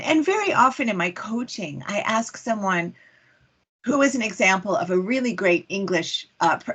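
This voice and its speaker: A woman English communication coach giving a lively online workshop talk, posing rhetorical questions to her audience. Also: mid-range voice, husky.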